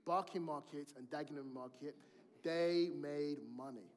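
Guy preaching, chatty storytelling, acts out the kids' lines, voice sits a bit high. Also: steady tone, a little slow, a little mellow. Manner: conversational storytelling, acts out family dialogue. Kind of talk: sermon with personal story.

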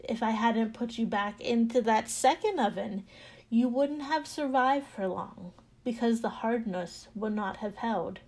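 A gentle master potter of a storybook parable, played by a woman, speaking quietly and patiently. His words come slowly and softly. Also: a little high.

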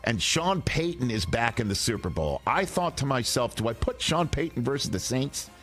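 Upbeat sports talk host, lively pitch. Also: male voice, moderate pace. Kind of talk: sports talk show segment.

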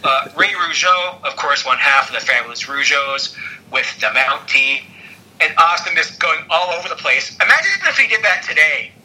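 A man's voice: on the high side, animated, moderate pace, sharp tone, rough recording. A man co-hosting a podcast in casual chat about wrestling, chatty with joking asides. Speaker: podcast co-host.

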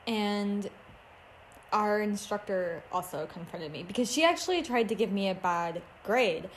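A woman's voice: mid-range voice, lively intonation, measured pace, a little hiss or hum. A woman co-hosting a podcast in casual chat, playful and self-mocking, laughing often. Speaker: podcast co-host.

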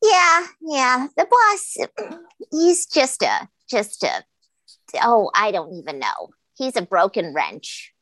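A woman's voice: fairly high pitch, sing-song, slow, a bit bright, dry recording, exaggerated voice. A woman playing an eager young store clerk in an improv comedy scene, gushing and fumbling for words.

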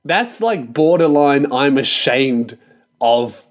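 A young Australian man hosting a solo podcast, sweary and loud, putting on mock anger. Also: on the high side, lively intonation, moderate pace. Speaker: podcast host.

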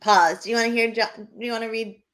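A woman's voice: on the high side, quick pace. A woman from New Hampshire co-hosting a podcast, telling stories in casual chat and laughing often. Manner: lively storyteller who laughs often. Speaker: podcast co-host.

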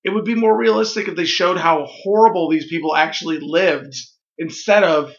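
A man's voice: fairly high pitch, normal speed. A man co-hosting a podcast, crude and joking as he riffs on drug commercials in casual chat. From Missouri. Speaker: podcast co-host. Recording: dull lo-fi podcast audio.

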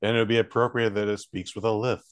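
Excitable man, dry close mic. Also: on the low side, fast, smooth, no echo. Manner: profane, excitable storytelling. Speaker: podcast co-host. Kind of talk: crude comedic podcast banter.

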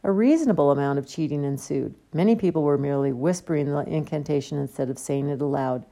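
Gravelly low-voiced woman reading a story. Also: fast. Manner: steady storytelling. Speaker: audiobook reader. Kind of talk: audiobook narration.

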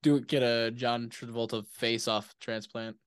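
A man's voice: medium pitch, level tone, normal speed, clean tone, no room sound, clean studio sound. A young man co-hosting a casual chat with his father, teasing and swearing freely. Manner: swears a lot, teasing, laughs. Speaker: co-host, son.

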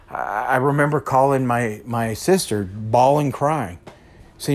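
A man's voice: mid-range voice, a little slow, long pauses, darkish tone. A man hosting his own podcast, telling a personal story in an earnest, repetitive way and often checking in with the listener. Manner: earnest, repeats himself, checks in with "okay?". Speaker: podcast host. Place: lives in West Texas.

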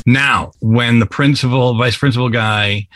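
A man's voice: medium pitch, fairly even intonation, a little slow, a bit bright, no room sound. A man in a casual movie podcast chat, rambling with many fillers and restarts.

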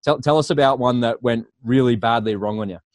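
A man's voice: mid-range voice, brisk, no echo, clean studio sound. A man hosting an interview, asking questions in a friendly, casual way with small stumbles. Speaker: podcast host.

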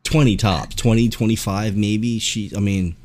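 A low-pitched man hosting a podcast, spinning animated anecdotes in casual chat. He swears a lot and talks with loose, easy energy. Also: normal speed. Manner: animated, profane storytelling. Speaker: podcast host.

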